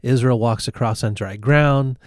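A man's voice: mid-range voice, unhurried, no room sound. A man walks through Bible passages in an easy, chatty way, acting out the quotes. His voice sits in the middle range. The recording is close and dry, with no room sound. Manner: storytelling with acted-out quotes, frequent fillers. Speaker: Bible teacher. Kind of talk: conversational Bible teaching.

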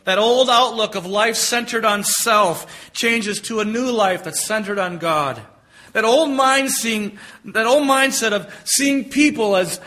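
High, bright-voiced male preacher. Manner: emphatic, stretches key phrases. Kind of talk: sermon with storytelling.

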